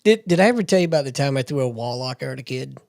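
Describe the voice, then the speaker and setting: A man's voice: mid-range voice, lively intonation, very fast, vocal fry, a little mellow, no echo, studio quality. A man co-hosting a podcast, a military veteran telling a war story bluntly, cursing and laughing. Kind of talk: casual storytelling chat.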